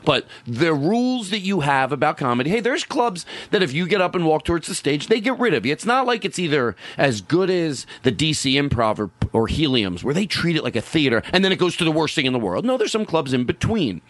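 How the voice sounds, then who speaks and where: A middle-aged comedian chatting casually and acting out quotes in an animated way, as host. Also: male voice, fairly quick, hardly any pauses, no room sound. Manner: animated storyteller, acts out quotes with big pitch jumps. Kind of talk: casual conversation about comedy clubs.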